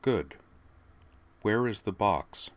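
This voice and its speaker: A young vigilante woman speaks in a hushed, low and even voice, each word a cold threat, as a man reads her lines. The storybook recording is dry and close to the mic. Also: dry recording. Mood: menacing. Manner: quiet, slow and threatening.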